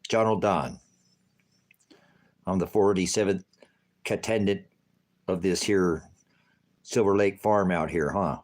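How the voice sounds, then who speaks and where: A boastful male house cat speaks in a folksy drawl, as a man puts him on for a moment. The voice sits low and deep. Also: takes it slowly, pauses often, darkish tone. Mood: proud.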